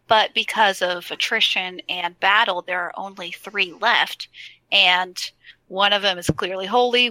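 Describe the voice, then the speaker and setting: A woman's voice: mid-range voice, sharp tone, rough recording. A woman co-hosting a casual gaming chat, recapping a quest with enthusiastic storytelling.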